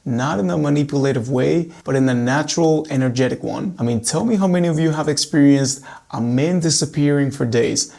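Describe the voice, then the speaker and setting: A man working as a relationship coach, speaking calmly and steadily straight to his women viewers, just back from an illness that cost him his voice. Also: mid-range voice, vocal fry. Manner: calm, measured, addressing women viewers directly. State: recently recovered from losing his voice. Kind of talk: direct-to-camera advice talk.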